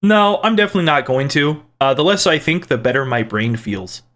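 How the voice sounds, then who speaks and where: In a little-high, animated voice that's brisk and a bit bright, a man answers viewer comments he reads aloud on his own channel. The casual chat is rambling and playful, with restarts and side jokes.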